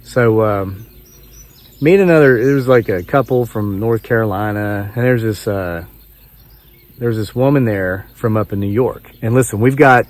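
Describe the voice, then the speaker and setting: A man's voice: lowish voice, moderate pace, a little mellow. Chuckling easygoing man telling a story. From West Virginia. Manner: chuckling, easygoing, self-mocking. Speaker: homesteading vlogger. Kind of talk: rambling storytelling to camera. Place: outdoors.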